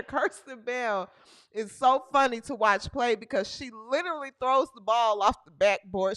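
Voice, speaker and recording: Animated mocking woman host. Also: high voice, dry recording, clean studio sound. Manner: animated, mocking, exaggerated hollering. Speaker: show host. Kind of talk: comic sports commentary livestream.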